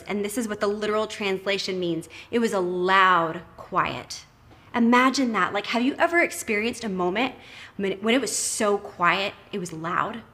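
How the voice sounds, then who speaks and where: A woman from Texas, preaching a sermon with enthusiasm and emphasis, sometimes dropping to a hushed tone. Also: medium pitch. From Texas, United States. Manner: enthusiastic, emphatic, drops to soft hushed tones.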